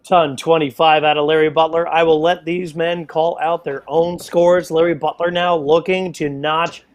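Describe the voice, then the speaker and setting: Male darts play-by-play caller, slightly raised pitch, excitable, jokey, self-deprecating. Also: moderate pace. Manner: excitable, playful, self-mocking asides. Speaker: darts commentator. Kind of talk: live sports play-by-play commentary.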